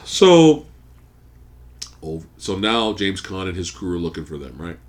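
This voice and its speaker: A man hosting a podcast, casually recapping a movie plot as an animated storyteller who swears freely. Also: low voice, takes it slowly. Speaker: podcast host. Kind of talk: casual movie review chat. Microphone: studio podcast mic.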